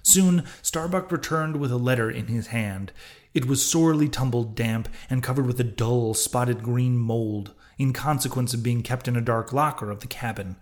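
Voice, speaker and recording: A man hosting a podcast, reading a classic novel aloud in measured, steady audiobook narration. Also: mid-range voice. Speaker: podcast reader and host.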